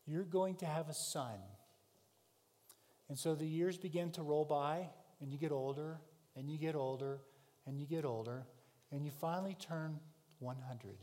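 A man preaching a sermon, telling the story with dramatic swings between loud and soft. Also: on the high side, steady tone, normal speed, long reverb tail. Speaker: pastor.

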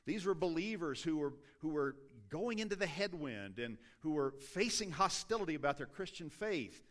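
A man's voice: a little high, animated, normal speed. A middle-aged man preaching a sermon in a conversational, self-deprecating way, stopping often to restart his sentences. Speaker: pastor.

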